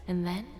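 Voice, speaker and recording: An actress playing a composed, condescending woman in a game, speaking slowly and deliberately. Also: mellow. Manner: slow, deliberate, commanding. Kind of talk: game cutscene dialogue. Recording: reverberant game audio with faint music.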